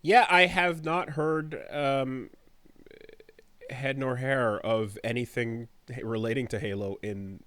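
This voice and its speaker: A man in his thirties co-hosts a casual chat, rambling along and losing his thread with plenty of fillers. His voice sits at an ordinary middle pitch and sounds close and dry. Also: steady tone, takes it slowly, a bit bright, no echo. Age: 30s. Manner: rambling, trailing off with many fillers. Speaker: podcast co-host. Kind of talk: casual chat and host-read ad.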